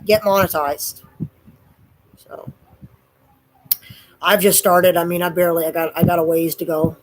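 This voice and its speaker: A woman's voice: on the low side, steady tone, a little slow, slight background noise, low-quality recording. A woman with a Canadian accent chatting casually to her viewers on a live stream, rambling and often addressing them directly. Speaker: vlogger.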